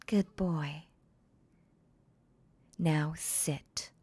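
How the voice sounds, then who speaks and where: A woman voicing a cold, controlling female boss in a whispered role-play, speaking in a soft, low whisper. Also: fairly even intonation, extremely slow, husky, full character voice. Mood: commanding. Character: cold commanding female boss toying with her pet. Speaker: voice actor.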